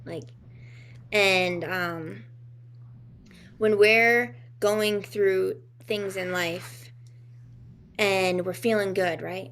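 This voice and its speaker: A woman co-hosts a relaxed talk, musing aloud about healing and emotions. Her mid-pitched voice carries a gravelly fry. She wanders through her thoughts, circling back and filling pauses as she searches for words. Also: a little hiss or hum. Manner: rambling, searching for words with many fillers. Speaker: podcast co-host. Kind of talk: casual reflective talk on healing.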